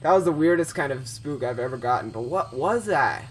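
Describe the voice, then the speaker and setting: A man's voice: medium pitch, animated, fairly quick, a little hiss or hum. A young man commentating a horror game he is playing, rambling with lots of fillers and restarts, easily startled. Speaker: gameplay commentator.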